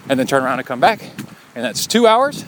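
A middle-aged man with a mid-range voice tells a loose, rambling story and keeps chuckling along the way. He is recording himself on a handheld device out on a forest trail, and steady outdoor noise runs under everything he says. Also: mid-range voice, a little fast. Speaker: podcast host. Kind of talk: casual on-the-go recording. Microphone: handheld recorder carried on a run.

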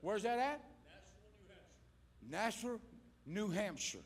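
A male evangelist preaching fervently at a church altar call, shouting one moment and coaxing quietly the next as he calls back and forth with the congregation. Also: high voice, lively intonation, slow. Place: church service before a congregation.

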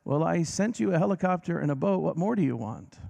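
A man voicing God in a told joke, calm and matter-of-fact. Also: on the high side, fairly quick, creaky, long reverb tail, pitched above the performer's own voice, heavily acted. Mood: dry.

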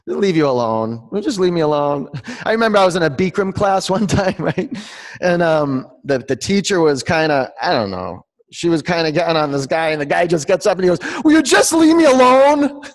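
A man leads a live yoga class in a large studio, counting down poses and teasing students as he goes. His voice sits a little high and has a gravelly edge. The room gives it a long reverb. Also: expressive, brisk. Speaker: yoga instructor.

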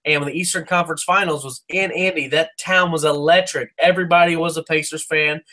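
A man's voice: fairly high pitch, steady tone, sharp tone. Fired-up ranting man, sports podcast. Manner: fired-up ranting, swearing, quick restarts. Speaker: podcast co-host. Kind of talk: casual sports talk.

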